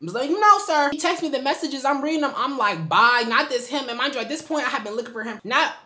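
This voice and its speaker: A young woman chatting casually to her viewers in a storytime vlog, animated and full of slang, recorded indoors at home. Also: high-pitched, fast talker. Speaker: storytime vlogger.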